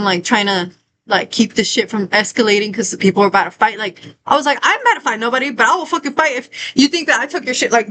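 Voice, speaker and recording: A woman's voice: a little high, bright, forceful tone, a little hiss or hum, rough recording. A young adult woman telling a storytime vlog in a heated, profane rant, repeating herself as she gets worked up. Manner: heated, profane, repetitive ranting. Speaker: vlogger.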